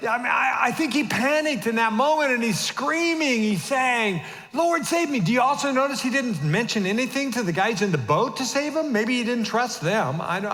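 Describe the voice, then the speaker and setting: High-voiced pastor in a reverberant church. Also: male voice. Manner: animated, swings from hushed asides to shouted emphasis. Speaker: senior pastor. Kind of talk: sermon. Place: church auditorium. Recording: long reverb of a church hall.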